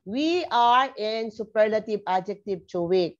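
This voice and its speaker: A woman's voice: mid-range voice, animated, unhurried, highs cut off. A woman teaching a grammar lesson online, spelling words out letter by letter and checking in with "okay?" after many points. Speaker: English teacher.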